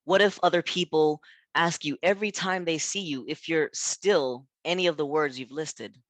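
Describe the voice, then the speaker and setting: A man's voice: on the high side, moderate pace, fairly bright tone, no echo. A man speaking as a pastor in a reflective workshop talk, posing questions and often saying "you know". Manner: thoughtful, frequent "you know" fillers, rhetorical questions. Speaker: pastor and community center founder giving a workshop.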